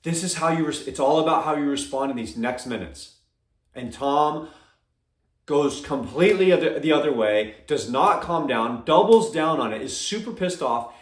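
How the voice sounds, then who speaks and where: A man's voice: on the high side, roomy sound. A man giving casual MMA opinion commentary, emphatic and keeps checking in with "all right?" and "okay?".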